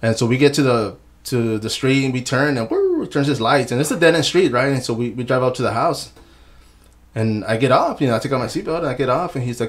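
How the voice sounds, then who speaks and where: A man's voice: medium pitch, expressive, fast talker. A man hosting a podcast, chatting casually in a laid-back, slangy way in a studio. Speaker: podcast host. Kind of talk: casual chat.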